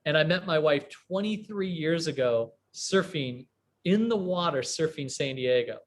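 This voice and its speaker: A man's voice: a little high, measured pace. Chatty, rambling man telling a story. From US Midwest, small town near Chicago. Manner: rambling, animated storyteller with many fillers. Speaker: guest entrepreneur. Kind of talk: casual storytelling interview.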